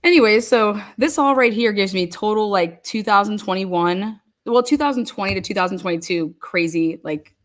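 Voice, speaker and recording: Speaking in a mid-range voice at normal speed, she barely pauses. An online commentator, she tells casual, profane stories full of laughter, free swearing, and "like."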